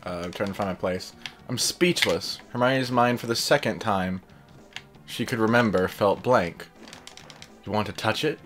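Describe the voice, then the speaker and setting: A man's voice: fairly low pitch, normal speed, over music. A man reading fan fiction aloud while playing a game, in a casual, plain delivery broken by joking, distracted asides. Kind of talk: casual read-aloud over gameplay.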